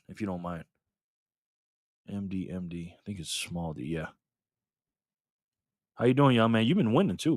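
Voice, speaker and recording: A man's voice: medium pitch, no echo, studio quality. An older man hosting a livestream alone at his desk, upbeat as he greets viewers by name and thanks them for donations. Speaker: livestream host. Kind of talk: casual livestream chat, reading donations. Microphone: desk mic facing a camera.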